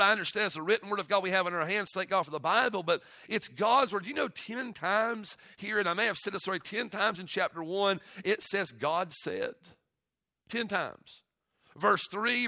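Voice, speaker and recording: A man's voice: high voice, pushed and bright, no room sound, studio quality. A middle-aged man, a pastor giving a radio sermon in an earnest, folksy manner with frequent "uh" fillers.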